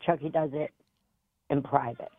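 A woman's voice: deep voice, fairly even intonation, normal speed, no echo. A middle-aged woman speaking as a guest caller in an interview, earnest and determined. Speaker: grieving parent, guest caller. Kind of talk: emotional interview talk. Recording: tinny phone line, dry.

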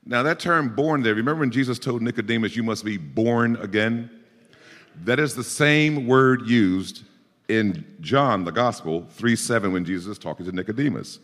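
A man's voice: mid-range voice, moderate pace, big-room sound. A man preaching a sermon, explaining scripture verse by verse and pressing his points with emphatic exhortation. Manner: emphatic, rising to forceful exhortation.

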